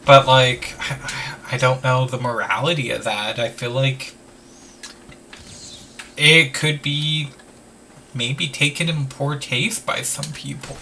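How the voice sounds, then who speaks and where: A man talks slowly and loosely over a game, filling gaps with "like" and dropping casual swears. His voice is bright and a bit far from the mic, with a faint hiss underneath. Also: medium pitch, fairly even intonation. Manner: rambling, full of "like", swears casually. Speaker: let's play host. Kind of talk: casual gameplay commentary.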